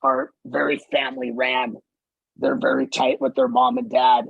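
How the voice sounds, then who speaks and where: A man hosting a casual chat, telling stories in an animated way, swearing freely and laughing as he talks. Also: medium pitch, moderate pace, vocal fry, husky, no room sound, phone-quality sound. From Los Angeles area. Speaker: podcast host.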